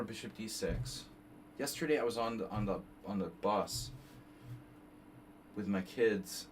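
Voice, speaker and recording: Low-voiced rambling chess streamer man. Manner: rambling, digressive, reading moves aloud. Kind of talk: casual live game analysis. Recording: slightly distant mic, faint background noise.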